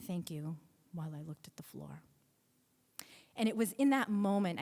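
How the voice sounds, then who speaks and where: A woman in her fifties telling a personal story live on stage, animated and acting out scenes. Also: mid-range voice. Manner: animated, acts out scenes with voices. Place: stage in a hall. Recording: long hall reverb from a stage.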